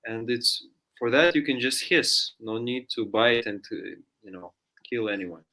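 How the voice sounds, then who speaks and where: Bright-voiced man telling a story. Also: mid-range voice, unhurried. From Russia. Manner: chatty, many fillers, acts out voices in story. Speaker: guest storyteller. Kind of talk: casual spoken storytelling. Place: studio.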